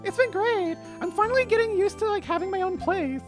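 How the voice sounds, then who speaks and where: A woman's voice: extremely high pitch, brisk, over music, pitched above the performer's own voice. A woman voicing a bubbly teenage girl, a playful younger sister, who talks in a valley-girl drawl full of "like". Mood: teasing.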